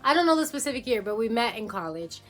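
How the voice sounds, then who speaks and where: A young woman musician talking casually to camera about making her album, full of fillers and quick asides. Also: on the high side, big pitch swings, faint music behind. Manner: chatty, filler-heavy, jumps into quoted voices.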